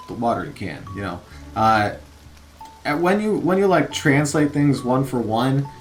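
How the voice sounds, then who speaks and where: A man in his thirties casually narrating a learning game, halting with many fillers as he sounds out vocabulary. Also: medium pitch. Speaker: streamer learning Japanese.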